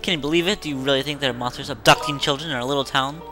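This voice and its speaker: A man's voice: medium pitch, rapid-fire, bright, forceful tone, soft background music, natural voice. A man voicing a chatty villager from a video game who gossips about local rumors. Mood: gossipy. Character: gossiping small-town villager.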